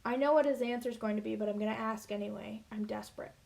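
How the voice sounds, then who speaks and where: A woman narrating a children's novel in the first person with an expressive, earnest reading. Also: medium pitch, quick pace, gravelly, hardly any pauses. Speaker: audiobook reader.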